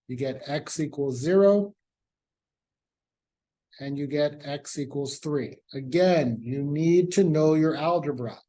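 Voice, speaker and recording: A man's voice: on the high side, darkish tone. A man teaching a calculus class in a casual, conversational way, repeating his key points. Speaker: math professor. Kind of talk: classroom lecture.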